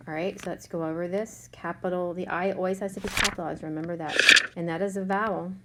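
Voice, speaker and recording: Woman teacher, low-pitched, patient and slow, noisy recording. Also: fairly even intonation. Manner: slow, patient, sounds out letters. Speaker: third grade teacher. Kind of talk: remote spelling lesson.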